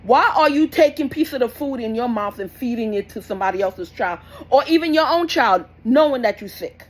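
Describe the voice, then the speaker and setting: A woman's voice: a little high, expressive, a little fast, slightly rough, low-quality recording. A young woman, giving blunt, repetitive parenting advice in a scolding, casual rant. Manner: blunt, scolding, repeats herself. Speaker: parenting vlogger.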